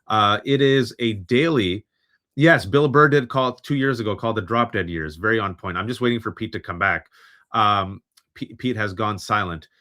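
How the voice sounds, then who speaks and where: A man in his forties hosting a livestream and talking about men and mental health, animated and often mimicking other people's voices. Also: fairly low pitch, moderate pace. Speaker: host. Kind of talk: livestream commentary.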